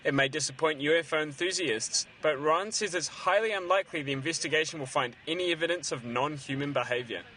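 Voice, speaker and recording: A man filing a recorded news report outdoors in a city, with a measured, even delivery. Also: a little high, a little hiss or hum.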